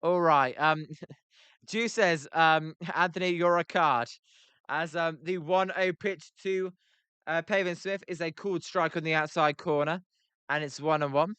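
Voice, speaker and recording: A young British man with a British accent calling a baseball game on a livestream, reading chat aloud between pitches with lots of filler words. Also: steady tone, a little slow, bright, forceful tone, clear, resonant tone, dry recording. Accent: British English. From Britain. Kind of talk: casual play-by-play livestream commentary.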